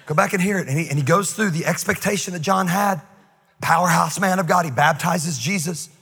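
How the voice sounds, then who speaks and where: Animated, high-voiced preacher man. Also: vocal fry, breathy edge. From North Carolina. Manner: animated, fast, full of asides and laughter. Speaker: pastor. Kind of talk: comedic sermon storytelling.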